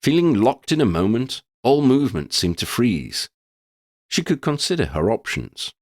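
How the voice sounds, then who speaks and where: A man narrating a fantasy story in a dramatic, deliberate storytelling manner. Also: on the low side, no echo, studio quality. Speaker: audiobook narrator. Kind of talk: scripted fiction narration.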